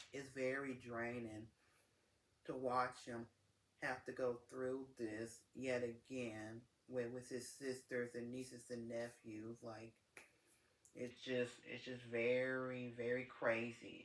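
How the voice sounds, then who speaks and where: A man's voice: mid-range voice, a bit bright, slight background noise. A young man telling a story in a casual, exasperated rant, repeating words for emphasis. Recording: echoey room.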